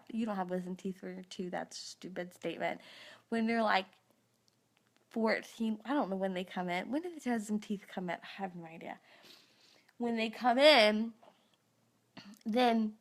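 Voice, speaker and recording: Woman in her thirties, slow rambling storyteller. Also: medium pitch. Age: 30s. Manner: rambling, animated, groggy after surgery. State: mouth sore after dental surgery. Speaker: vlogger. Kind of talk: casual storytelling. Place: live stream recorded on a phone.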